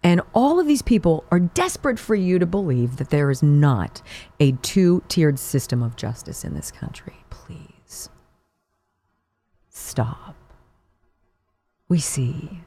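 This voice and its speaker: A woman's voice: lowish voice, animated, measured pace, vocal fry, pauses often, warm tone, breathy edge. A woman hosting an opinion talk show, delivering sarcastic and mocking commentary.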